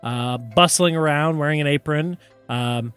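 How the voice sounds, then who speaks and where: A man narrating a tabletop game as game master, relaxed with many fillers. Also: on the high side, measured pace, clear, resonant tone, soft background music. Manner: relaxed, lots of fillers and self-corrections.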